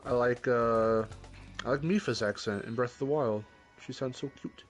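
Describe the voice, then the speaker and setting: A man's voice: mid-range voice, moderate pace, faint music behind. A man chatting casually and laughing often while streaming a game and reading chat.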